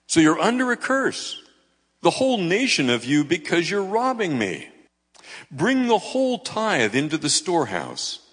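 A man, a pastor, reading scripture aloud and closing in prayer, with a measured, expressive delivery. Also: mid-range voice, slightly rough, big-room sound.

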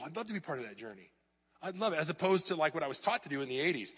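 A middle-aged male pastor preaching an animated sermon in a church, sometimes mocking clickbait headlines in a raised voice. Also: a little high, racing, husky, long reverb tail. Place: church hall.

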